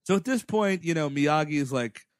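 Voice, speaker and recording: A man's voice: fairly high pitch, expressive, moderate pace, dry recording, studio quality. A man co-hosting a comedy movie review podcast, retelling scenes with profane acted-out voices. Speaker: podcast co-host.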